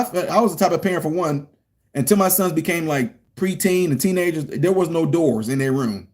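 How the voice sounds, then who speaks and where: Animated middle-aged man preaching to his chat. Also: a little high. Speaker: political commentary streamer. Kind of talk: live-chat political commentary.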